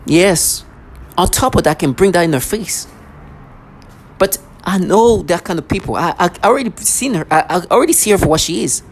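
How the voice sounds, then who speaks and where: Vlogger, agitated rant, sarcastic, accusatory, stammering restarts, very lively pitch. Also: a little fast. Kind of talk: agitated ranting monologue to camera.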